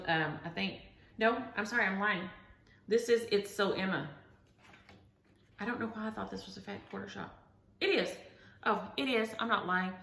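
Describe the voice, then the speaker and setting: Her voice is lowish, gravelly and fairly bright as she hosts a casual show-and-tell video in a room with noticeable echo. She addresses viewers directly and gushes about every item she shows.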